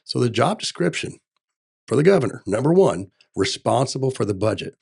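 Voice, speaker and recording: A man's voice: mid-range voice, sing-song, fairly quick, gravelly, a little mellow, slightly rough. A middle-aged man running for governor, talking in a casual interview with emphatic, military-style phrasing and frequent "right?" tags. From Texas. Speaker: gubernatorial candidate.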